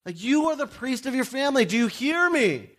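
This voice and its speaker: A man's voice: extremely high pitch, very animated, brisk, a bit bright. A middle-aged man preaching a sermon as a pastor, speaking directly and emphatically to his listeners, with joking asides.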